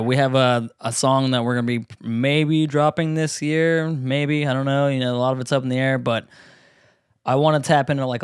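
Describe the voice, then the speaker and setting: A man's voice: medium pitch, clean tone, dry recording. Laid-back rambling man, band lyricist, says "dude" a lot, dry close sound. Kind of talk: casual podcast interview.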